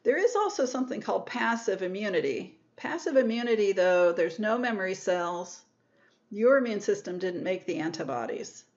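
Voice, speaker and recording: A woman's voice: medium pitch, lively intonation, normal speed, a little mellow, muffled recording. A woman giving a recorded microbiology lecture, explaining step by step and rephrasing herself. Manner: explanatory, repeats and rephrases terms, self-corrects.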